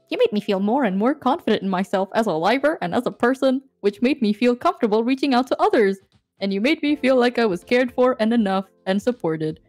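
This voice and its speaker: On a stream call, a young Southeast Asian woman guest chats casually in a slightly high, dark-toned voice over faint music. She's playful and teasing, and she also reads a heartfelt letter aloud.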